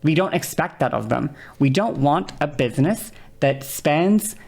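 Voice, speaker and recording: Low, gravelly woman ranting at chat. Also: animated, unhurried, a little mellow. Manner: exasperated, argumentative, swears often. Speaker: streamer. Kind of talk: heated live-stream rant at chat.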